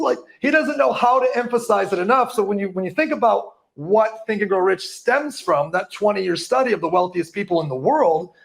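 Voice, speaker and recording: A man giving a live motivational talk to an audience, hyped and profane, tripping over words now and then. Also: sits high. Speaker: motivational speaker.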